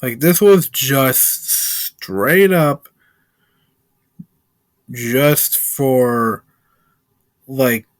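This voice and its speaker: A man's voice: medium pitch, lively intonation, extremely slow, pauses often, dry recording. A man reviewing a film in a casual, rambling plot recap, heavy with filler words.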